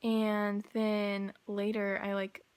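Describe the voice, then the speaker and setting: A woman's voice: mid-range voice, completely flat delivery, slow, a little mellow, smooth. Rambling young woman vlogger. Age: young adult. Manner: rambling, heavy on filler words. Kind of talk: casual storytelling.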